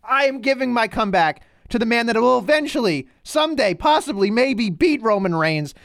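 A man's voice: very high-pitched, animated, moderate pace, fairly bright tone, no echo, studio quality. A man co-hosting a podcast in casual chat, ranting animatedly and swearing freely. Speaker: podcast co-host.

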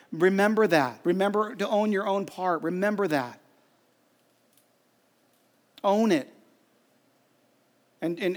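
Earnest man preaching a sermon. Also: sits high. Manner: earnest storytelling with quoted dialogue. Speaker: pastor.

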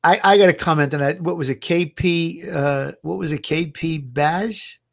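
A man with a fairly high voice co-hosting a casual livestream as a retired cop. He gives his views earnestly, leaning on his points with emphasis. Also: moderate pace, vocal fry. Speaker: retired police officer co-hosting a live show.

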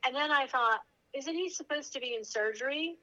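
A woman in her thirties, a podcast guest telling a personal story in an animated way, laughing often. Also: high-pitched, fairly quick. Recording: slightly dull lo-fi audio.

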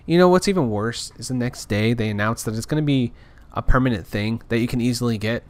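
A man's voice: medium pitch, fast. A man talking in a casual, rambling rant, frustrated and full of restarts. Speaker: podcaster. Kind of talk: casual ranting monologue.

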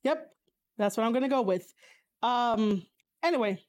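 A woman in a casual, opinionated chat, reading viewers' comments aloud and answering them. She swears bluntly, uses a lot of fillers and laughs often, with sudden high-pitched exclamations. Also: expressive, a little slow. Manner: blunt and profane, frequent fillers.

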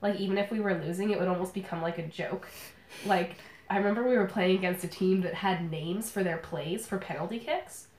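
A woman's voice: on the low side, brisk, a little mellow, slight background noise. Rambling young woman in a roomy space. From Canada. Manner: rambling, many fillers, laughs easily. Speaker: podcast panelist. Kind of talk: casual chat.

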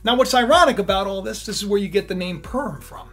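Woman preacher, casual animated storyteller, a touch breathy, faint music underneath. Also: mid-range voice, fast. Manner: lively, conversational, acts out characters.

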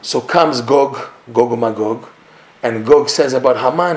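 A man teaching a live Torah lesson to listeners in a room, telling stories in an animated way with asides and laughs. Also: mid-range voice, unhurried. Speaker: rabbi teaching a class. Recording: echoey room with faint hiss.

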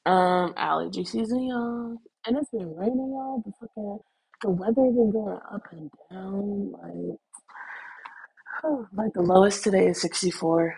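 A young woman in her twenties talking casually to her viewers in a loose, animated ramble, swearing freely and calling them y'all, a little stuffy with the sniffles. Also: mid-range voice, measured pace, vocal fry, husky, rough recording. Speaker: vlogger.

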